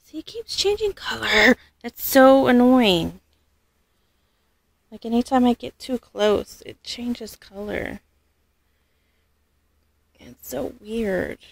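A woman doing a casual unboxing vlog as a doll collector. She gushes, rambles and corrects herself, and often drops to a soft near-whisper. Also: on the high side, expressive, slow, vocal fry, long pauses, dry recording.

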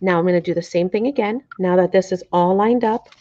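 This is a middle-aged woman with a fairly low, dark-toned voice, speaking briskly while hosting a live craft tutorial. She chats freely, gets a bit flustered, and regularly checks in with the people watching. Apologetic and bothered by the camera framing, she's captured in dull, lo-fi sound.

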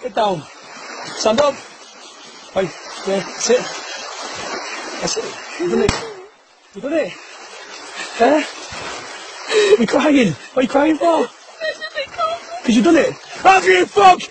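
A man bellows at a recruit as an army corporal, his voice pushed high and hard with swearing through every order. The phone clip is loud with background noise. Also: very animated, slow pace, pauses often. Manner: yelling, sweary, harsh. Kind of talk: drill instructor shouting at a recruit.

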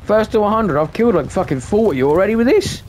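A man's voice: high-pitched, expressive, quick pace, a little mellow, slight background noise. A man giving live commentary on his gameplay, ranting in frustration and swearing constantly. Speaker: gaming video creator.

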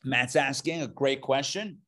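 A man's voice: mid-range voice, measured pace, bright, forceful tone. A male rabbi teaching a live class, joking and drawing questions from the room. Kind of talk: live interactive lesson. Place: classroom before a live audience.

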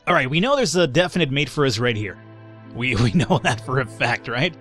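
A man giving casual commentary on a strategy game, quick to get frustrated and swearing often. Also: mid-range voice, animated, a bit bright, faint music behind. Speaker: let's play gamer.

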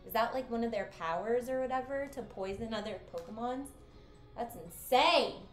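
A woman's voice: on the high side, a little fast, a little mellow, roomy sound, soft background music. A woman streamer casually commenting on a video game, reading the game text aloud, swearing and joking as she goes.

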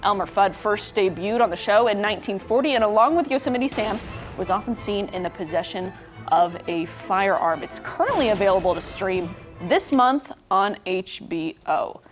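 A woman's voice: medium pitch, lively intonation, normal speed, soft background music. A young woman anchoring morning entertainment news, reading stories and riffing chattily with co-hosts. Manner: bright, chatty delivery, reads then riffs.

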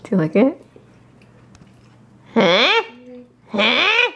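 A woman with a mid-range, animated voice talks at normal speed in a roomy-sounding space. She's vlogging dinner at home, chatting casually with her family, teasing in a light way and laughing frequently.

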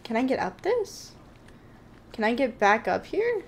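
A woman's voice: on the high side, very animated, a little slow, a little hiss or hum. Chatty, jittery woman gaming streamer. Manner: chatty, talks to chat, nervously jokey. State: jittery, scared. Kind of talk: live-streamed game commentary.

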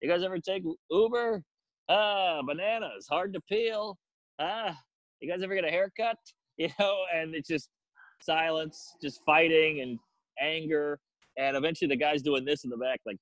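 A man's voice: on the high side, normal speed, fairly bright tone, dry recording, poor audio. A man, a stand-up comedian, telling a story in casual chat and acting out the people in it with exaggerated voices.

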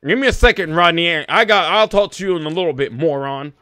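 A man with a high, bright, forceful voice talks down to his teammates during a live game. He taunts and scolds them, over and over. He is a streamer from South Carolina. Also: expressive, quick pace, no echo. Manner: taunting, scolding, repeats insults.

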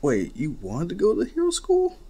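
A man's voice: high-pitched, wildly swooping pitch, fairly quick, warm tone, breathy edge, voice pushed up, heavily acted. A man voicing a nervous, eager young man who stammers and pleads to join a group.

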